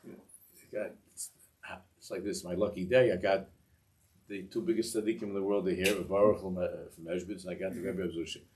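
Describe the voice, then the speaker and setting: A man with a very low voice tells a Hasidic tale to a class. He rambles and keeps restarting his sentences, and he sits well back from a distant mic. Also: steady tone, darkish tone, slight background noise. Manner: rambling, halting, with many restarts and asides. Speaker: Torah teacher. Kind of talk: telling a Hasidic story in a class.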